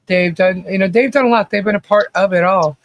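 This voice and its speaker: A man with a notably high voice runs a casual livestream commentary. He rants bluntly and swears freely. Between points he reads out viewer chat comments, keeping an offhand, conversational tone. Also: fairly quick, a little hiss or hum.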